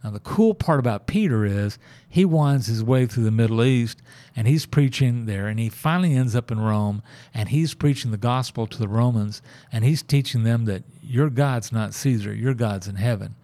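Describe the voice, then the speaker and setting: A church member shares his faith story alongside a Bible story, speaking in a casual, folksy manner and acting out the lines he quotes. His voice is medium-pitched and warm, at a normal speed.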